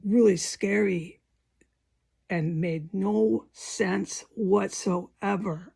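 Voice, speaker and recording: A woman's voice: fairly low pitch, gravelly, mellow, slightly rough. A woman giving an emotional first-person account of a frightening confrontation, repeating herself, swearing and acting out what people said. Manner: emotional, repetitive, swears, acts out quotes. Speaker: vlogger giving personal testimony.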